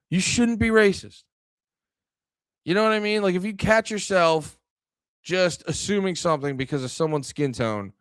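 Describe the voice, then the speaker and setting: A man's voice: fairly high pitch, no room sound, studio quality. Heated, profane man in his thirties. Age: 30s. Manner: heated, profane, swings between shouting and muttering. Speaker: podcast co-host. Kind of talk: profane political rant.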